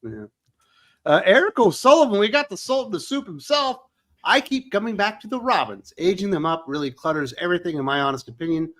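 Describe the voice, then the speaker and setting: Male live host, high-pitched, brisk; reads chat comments aloud. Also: animated, fairly bright tone. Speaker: host reading viewer comments. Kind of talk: live show hosting.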